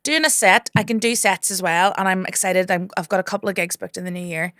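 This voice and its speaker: A woman, a comedian guest telling stories in lively casual chat and swearing freely. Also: fairly low pitch, fast, no echo, studio quality. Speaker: guest comedian and cabaret host.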